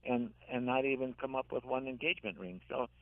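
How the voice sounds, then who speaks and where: An older man, an author and caregiver, telling gentle stories in a radio interview, halting and repeating words as he speaks. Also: medium pitch, little pitch movement, dry recording. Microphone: phone. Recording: tinny dry phone line.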